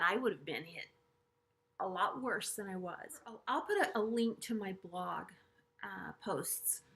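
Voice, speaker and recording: A middle-aged woman speaking straight to camera about her own life, in a voice of ordinary middle pitch. She talks earnestly and haltingly, often stopping to restart a phrase, and lets her voice sink low and quiet at times. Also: gravelly. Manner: earnest, halting, with frequent restarts and hushed asides. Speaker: vlogger sharing a personal story. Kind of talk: personal storytelling to camera.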